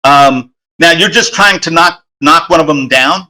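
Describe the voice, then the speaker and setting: Bright-voiced man running a tabletop game. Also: a little high. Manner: halting, many fillers and restarts. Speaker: game master.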